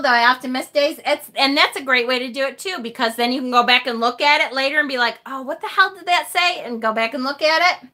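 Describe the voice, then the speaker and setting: A woman hosting a tarot livestream chats casually and reads viewer comments in a high, bright voice. She's self-deprecating, laughs easily and lets the odd swear word slip. Her tone is loose and friendly, as though she's talking straight to her viewers.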